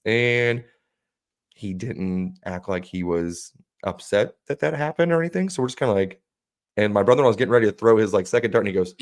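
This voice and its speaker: A man's voice: fairly low pitch, lively intonation, brisk. A man co-hosting a podcast, telling a story casually and animatedly, acting out what his friends said and swearing freely. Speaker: podcast co-host.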